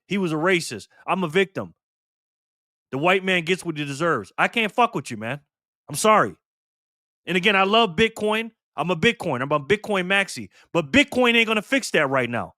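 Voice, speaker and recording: Host in his fifties, high-pitched and forceful, ranting to camera with a profane edge, dry close sound. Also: no room sound. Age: 50s. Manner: heated, profane and emphatic, ranting. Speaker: channel host. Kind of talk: impassioned monologue to camera.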